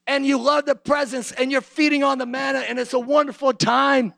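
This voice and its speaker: A man preaching a sermon, swinging between hushed low asides and shouted, sing-song preaching. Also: little pitch movement, a little fast, creaky, no room sound.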